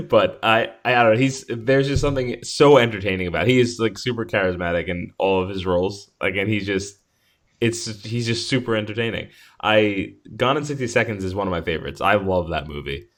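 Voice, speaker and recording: A man with a fairly low voice hosts a casual podcast chat. He talks eagerly, laughs often and keeps restarting his sentences. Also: normal speed. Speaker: podcast host.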